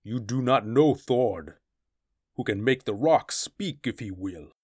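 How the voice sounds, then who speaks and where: A man voicing a fierce, cruel and boastful barbarian warrior in a story reading, shouting in a raised voice. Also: medium pitch, expressive, slow pace, breathy edge, no room sound, studio quality, pitched above the performer's own voice. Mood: taunting. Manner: loud, raised shouting delivery.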